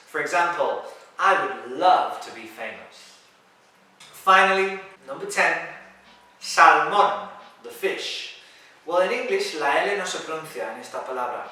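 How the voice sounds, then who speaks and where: Bright-voiced man teaching pronunciation, echoey. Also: on the high side, animated. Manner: repeats words slowly and clearly as models. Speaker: English teacher. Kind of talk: pronunciation lesson. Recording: very echoey room, mic at a distance.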